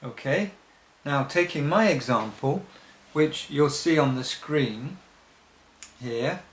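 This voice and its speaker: A man teaching songwriting rhythm, explaining slowly and patiently, step by step. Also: fairly high pitch, expressive. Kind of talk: recorded teaching demonstration. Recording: echoey room.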